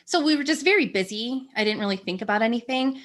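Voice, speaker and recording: A young woman telling her birth story in a casual chat, animated and laughing often. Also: on the high side, quick pace. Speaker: podcast guest sharing a birth story.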